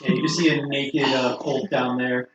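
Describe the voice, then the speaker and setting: A man's voice: mid-range voice, level tone, normal speed, far from the mic, noisy background. A man acting as game master, describing scenes loosely with many fillers. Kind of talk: narrating a tabletop game. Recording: dull, echoey room audio.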